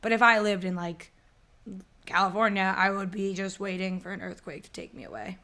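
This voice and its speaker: A woman's voice: mid-range voice, brisk, sharp tone. A young woman from the northern US co-hosting a podcast, chatting casually with profane, self-mocking jokes. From northern United States. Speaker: podcast co-host. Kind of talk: casual chat.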